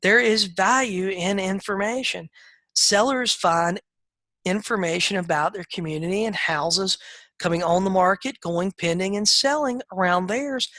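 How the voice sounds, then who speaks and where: Middle-aged male sales trainer, folksy and direct, bright tone, dry close sound. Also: high-pitched, a little slow, no echo. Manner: direct, folksy, acts out seller calls in a raised voice. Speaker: real estate sales trainer. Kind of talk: live webinar coaching.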